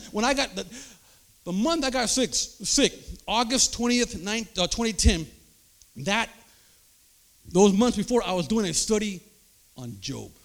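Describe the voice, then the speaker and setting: An older man preaching a sermon, emphatic, checking in with the crowd through quick rhetorical asides. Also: high-pitched, lively intonation, vocal fry. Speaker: pastor.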